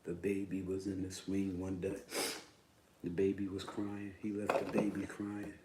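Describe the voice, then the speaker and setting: A man hosting a livestream, telling a profane story in a casual, animated way, with bursts of loud emphasis. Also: low voice, a little slow. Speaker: livestream host. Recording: roomy echo, distant mic, faint noise.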